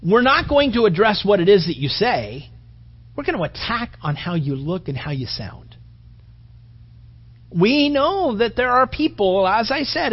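A man's voice: very high voice, big pitch swings, moderate pace, husky. A male pastor giving a joking, rambling conversational sermon in a dull recording. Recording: dull lo-fi sound.

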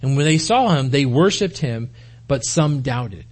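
A man's voice: medium pitch, lively intonation, measured pace. A man preaching a sermon in an earnest way, often repeating words as he starts a phrase. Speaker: pastor.

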